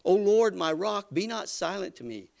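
A man preaching a sermon, building from quiet, hushed passages to loud, rising emphasis. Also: high-pitched, animated, moderate pace, gravelly.

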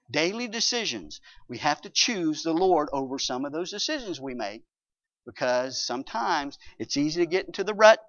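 A man preaching a sermon as pastor, earnestly reading scripture aloud and rising and falling in loudness. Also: fairly high pitch, no room sound, highs cut off.

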